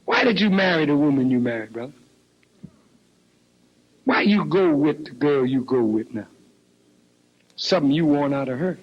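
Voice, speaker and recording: Older preacher with a husky, lively voice. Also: male voice, moderate pace, long pauses. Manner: preaching, swinging from low murmurs to high shouts. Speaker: minister. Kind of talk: sermon. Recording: dull lo-fi recording.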